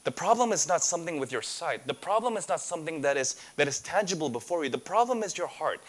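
A man's voice: fairly high pitch, animated, fast. A man preaching a sermon as a pastor, earnest and full of rhetorical questions.

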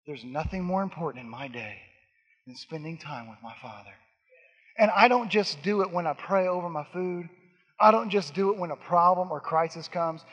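Brief: high-voiced male pastor, emphatic repetitions, sermon ringing in a long-reverb hall. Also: expressive, moderate pace, muffled recording. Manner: emphatic, repeating lines and swinging between soft and loud.

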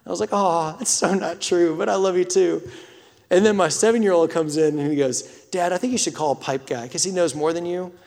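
A man, preaching a sermon that swings from loud scripture reading to hushed whispers. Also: sits high, fairly quick, vocal fry. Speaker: pastor. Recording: long reverb of a large hall.

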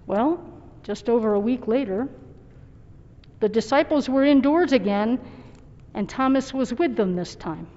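A woman pastor preaches in a reflective, personal and earnest manner. Her voice sits a bit high. The recording is dull and muffled, with a long reverb trailing off as in a large hall. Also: expressive, measured pace, long pauses, dark tone. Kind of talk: sermon.

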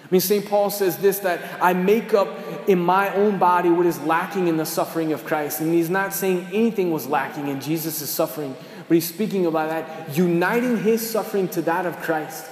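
Male priest, slightly high voice, earnest conversational sermon with rhetorical questions, echoing church with long reverb. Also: darkish tone, slight background noise.

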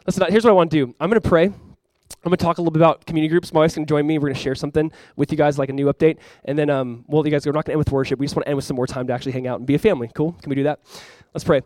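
A man's voice: a little high, fairly even intonation, racing, hardly any pauses, darkish tone, no echo, clean studio sound. A young man preaching a sermon to his church as pastor, earnest and conversational, with many fillers.

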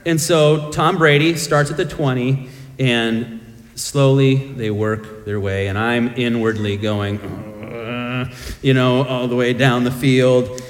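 A man's voice: mid-range voice, measured pace, in a large hall. A middle-aged man preaching a sermon as pastor, telling self-deprecating stories with humor.

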